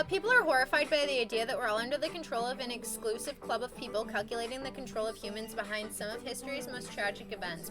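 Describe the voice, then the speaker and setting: A woman streaming live, chatting casually with her viewers, rambling and swearing as she gets worked up and reads chat messages aloud. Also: a little high. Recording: music playing behind.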